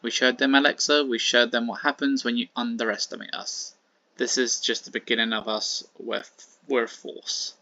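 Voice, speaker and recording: Brief: steely woman wrestler turning heel, low and quiet, read by a man in plain voice, on a dull lo-fi track. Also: flat delivery, normal speed, no room sound. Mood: proud. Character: female wrestler turning on her partner, cold, determined.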